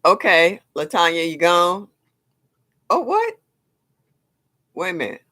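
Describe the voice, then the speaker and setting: A woman's voice: lowish voice, big pitch swings, takes it slowly, pushed and bright. Folksy older woman live-streaming. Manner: folksy, exclamatory, laughs often. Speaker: livestream host. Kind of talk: casual live-stream chat.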